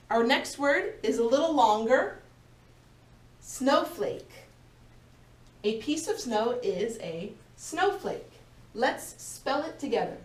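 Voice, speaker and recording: A woman teaching a vocabulary lesson to a class of young learners, speaking slowly and clearly and encouraging them as they go. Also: a little high. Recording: echoey room, voice from a distance.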